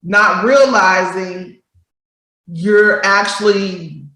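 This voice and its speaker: A woman co-hosting a casual talk show. She speaks at an unhurried, deliberate pace and reads passages aloud. Her voice carries a noticeable room echo. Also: mid-range voice, sharp tone. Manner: explains slowly, then acts out quoted voices. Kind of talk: casual chat, reading definitions aloud.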